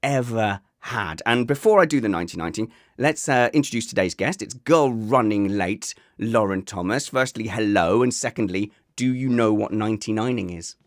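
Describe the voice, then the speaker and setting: A man's voice: fairly low pitch, moderate pace, few pauses, no room sound, clean studio sound. A man hosting a casual podcast, jokey and self-mocking. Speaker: podcast host.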